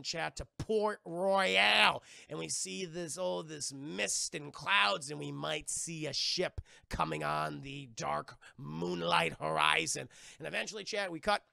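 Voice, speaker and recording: A young man streamer rambles through a movie recap for his chat, swearing freely. His voice sits high and is thick with vocal fry and a bright, tense edge. The sound is dry and close. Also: dry recording. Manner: profane, rambling, animated storytelling.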